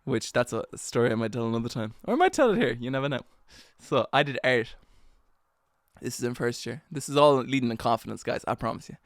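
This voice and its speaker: A man's voice: mid-range voice, fairly even intonation, fairly quick, no room sound, studio quality. A young man hosting a solo podcast, telling a story in a rambling, self-mocking way with lots of slang and fillers. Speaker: podcast host.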